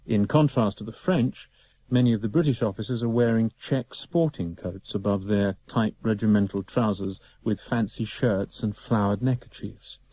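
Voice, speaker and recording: A man's voice: lowish voice, normal speed, dark tone, rough recording. Male narrator reading stage directions.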